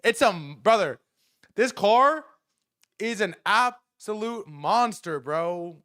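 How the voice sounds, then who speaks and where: A young man hosting a livestream and telling a casual story, animated and profane, often repeating himself and restarting his sentences. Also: sits high, takes it slowly. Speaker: livestream host.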